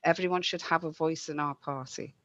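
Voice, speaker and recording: A woman's voice: low voice, fairly even intonation, a little fast, a bit bright, no room sound. A woman giving an earnest, rallying campaign speech over a video call. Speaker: mayoral candidate. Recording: dry, dull lo-fi sound.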